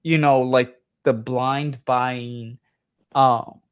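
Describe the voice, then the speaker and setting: A man's voice: medium pitch, steady tone, very slow, clean tone. A man with a New York accent hosting a livestream, talking casually and rambling with lots of fillers, tired at three in the morning. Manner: rambling, many fillers and restarts. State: tired, late at night. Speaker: livestream host.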